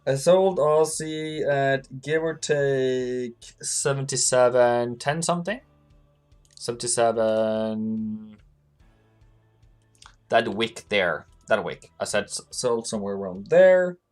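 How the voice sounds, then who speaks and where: A man's voice: medium pitch, lively intonation, takes it slowly, faint music behind. A man hosting a live forex trading stream, chatting casually with viewers and laughing often as he talks through charts. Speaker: forex trading livestream host.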